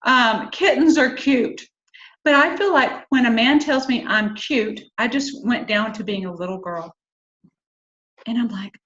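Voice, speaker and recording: A woman's voice: on the high side, unhurried. Woman in her fifties, group-chat host, chatty and opinionated, recorded on a call mic in a roomy space with a dull, lo-fi sound. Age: 50s. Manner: chatty, animated when quoting and opinionated. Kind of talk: casual online group chat.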